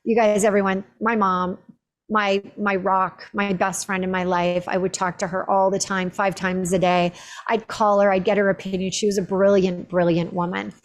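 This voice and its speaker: A woman hosting a podcast interview, speaking at a medium pitch for a woman. She tells her story in an animated, chatty way and scatters "like" through her sentences. Her voice comes through a remote call microphone. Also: normal speed. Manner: animated storytelling with many "like" fillers. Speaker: podcast host. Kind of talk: conversational interview.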